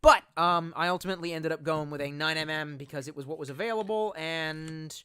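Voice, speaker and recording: This man talks fairly quickly in a fairly high, sharp-toned, smooth voice, recorded with no room sound. Casually answering livestream chat, he curses frequently, rambles on, and occasionally mumbles as his words trail away.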